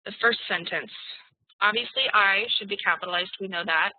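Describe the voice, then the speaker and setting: A woman teaching an online English class, spelling out example sentences slowly and deliberately. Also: medium pitch, dry recording. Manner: slow, deliberate dictation of examples. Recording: tinny, dry call audio.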